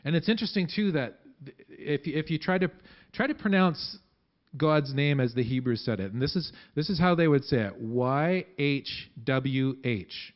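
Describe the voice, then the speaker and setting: Recorded in what sounds like the sanctuary, on muffled lo-fi audio, a pastor preaches in a casual, conversational way to his congregation. He stops and restarts sentences often, and his voice sits slightly high for a man.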